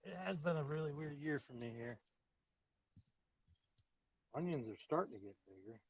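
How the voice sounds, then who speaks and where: A fairly high-pitched, expressive, slightly rough voice comes through at a moderate pace in a lo-fi recording with no room sound. The speaker, a garden channel host, is outdoors giving a casual live-stream tour and chatting with viewers in a rambling, friendly-plain way. He uses a phone or camera on a tripod, then carries it handheld as he walks.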